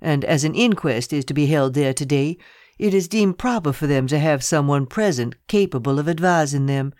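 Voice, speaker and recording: A calm young male secretary in a recorded novel, talking in a low, matter-of-fact way, as the narrator puts him on. His voice sits at an ordinary pitch, and the recording is dry and close. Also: normal speed, no room sound, close to an everyday voice. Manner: low, steady, businesslike delivery. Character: young male private secretary, cool and businesslike. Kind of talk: audiobook character reading.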